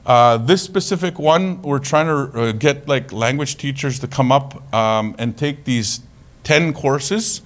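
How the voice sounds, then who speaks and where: Male presenter, relaxed and humorous, tells stories to a crowd at an average pitch. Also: unhurried. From Canada. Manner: casual, joking, animated storytelling. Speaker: conference presenter. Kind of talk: conference talk.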